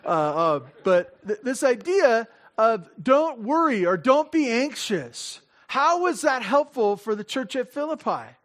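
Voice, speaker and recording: A man's voice: extremely high pitch, sing-song, measured pace, hardly any pauses, fairly bright tone. A man giving a conversational sermon as pastor, self-interrupting, often laughing, acting out small dialogues, and asking the audience questions. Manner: asks the audience direct questions.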